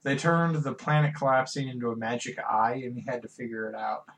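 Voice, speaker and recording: A man's voice: medium pitch, brisk, a bit bright, far from the mic, a little hiss or hum. A man co-hosting a casual podcast, blunt and profane, griping sarcastically. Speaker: podcast co-host.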